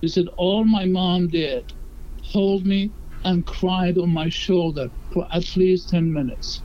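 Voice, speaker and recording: A man's voice: sits high, fairly even intonation, slow, darkish tone, a little hiss or hum. A man telling a personal story in a conversational way, acting out the quoted dialogue earnestly. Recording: dull lo-fi sound.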